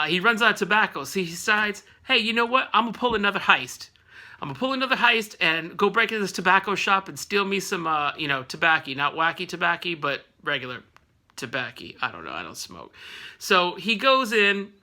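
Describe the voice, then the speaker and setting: High, bright-voiced man riffing on comics. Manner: rambling, joking asides, frequent laughs. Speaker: comic book recap host. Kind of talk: casual comedic comic recap.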